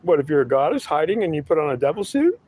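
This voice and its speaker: Man putting on a weepy frustrated seeker, whiny, defensive, higher-pitched. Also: very animated, fast talker, darkish tone, breathy edge. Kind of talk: improvised two-voice monologue.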